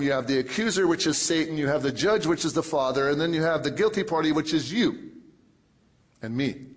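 A male pastor preaches a sermon emphatically, with lots of repetition and big swings between loud and soft. His voice is fairly high-pitched.

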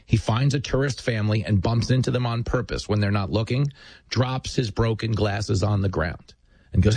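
A man's voice: on the low side, normal speed, a little mellow, dry recording. A man hosting a talk show, delivering an emphatic, sardonic political monologue into a studio microphone.

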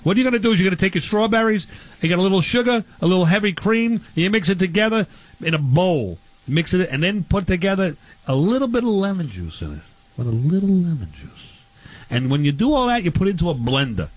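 Comic host: husky, higher man, lively swoops, playfully clueless rambler. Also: fast talker, dry recording. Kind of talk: comic improvised banter.

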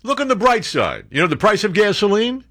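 A man's voice: sits high, very animated, brisk, noisy background. A man hosting a talk radio show, ranting sarcastically and mocking others with impressions.

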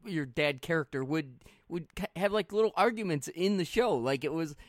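A man's voice: a little high, animated, normal speed, no echo, studio quality. A man hosting a casual chat, easygoing, laughing often and trailing off mid-sentence.

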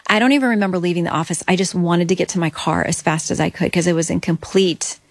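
A woman's voice: on the low side, fast, no echo. A middle-aged woman as an interview guest, telling an earnest personal faith story and acting out her own prayers.

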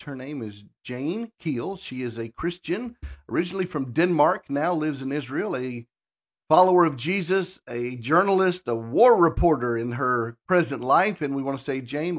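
A man hosting a faith radio talk show, who introduces his guest in a formal, measured way. His voice sits somewhat high for a man. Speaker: radio host, pastor.

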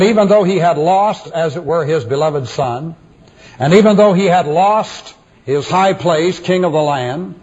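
High-voiced husky male preacher, lo-fi. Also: a little mellow. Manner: emphatic, measured, repeats refrains. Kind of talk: sermon. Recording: dull lo-fi recording.

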